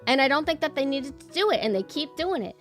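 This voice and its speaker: A woman's voice: high-pitched, animated, fast, soft background music. A young woman streamer chatting casually with her viewers and ranting bluntly, swearing freely.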